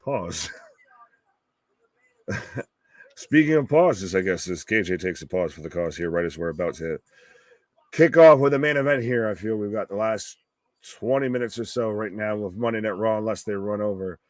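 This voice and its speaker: Man, stream host, low voice, dry close sound, swears, jokes, casual chat. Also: expressive, normal speed, long pauses, no echo. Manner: joking, swears freely, laughs at his own lines. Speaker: host of a live wrestling watch-along stream. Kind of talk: casual live reaction chat.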